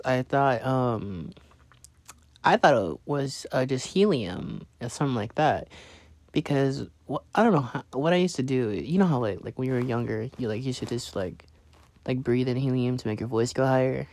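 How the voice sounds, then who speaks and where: A man's voice: medium pitch, moderate pace, darkish tone, no room sound. A young man hosting a casual solo podcast, rambling with many fillers and restarts. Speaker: podcast host.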